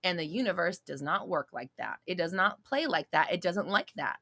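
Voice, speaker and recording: A manifestation coach answers viewer questions on a live-stream Q&A in a lowish, expressive, slightly bright voice at normal speed. She's blunt and emphatic, repeats her points, and swears casually.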